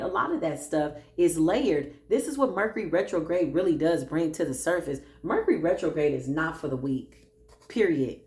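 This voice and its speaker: A woman with a twang leads a motivational spiritual session, her voice sitting a little low. She talks in animated affirmations and calls out warmly to everyone listening. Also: gravelly. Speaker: spiritual practitioner. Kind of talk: motivational spiritual talk to viewers.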